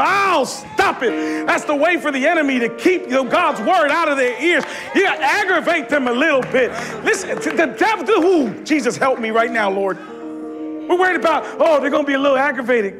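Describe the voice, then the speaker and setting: A middle-aged man preaching a fervent sermon in church, rising to shouts at the peaks. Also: very high-pitched, lively intonation, fairly quick, over music. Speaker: pastor. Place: church sanctuary.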